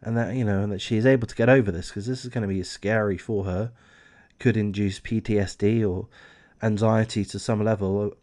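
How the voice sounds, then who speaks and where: A man's voice: fairly low pitch, steady tone, fairly quick, a little mellow. Swearing man reading crime news. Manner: candid, swears freely, slips into ranting asides. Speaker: true crime YouTuber. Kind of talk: reading a news article aloud with casual commentary.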